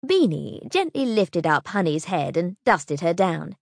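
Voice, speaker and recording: A woman narrating a children's storybook audiobook in an expressive, storytelling manner. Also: on the low side, a little slow, few pauses, no echo, studio quality.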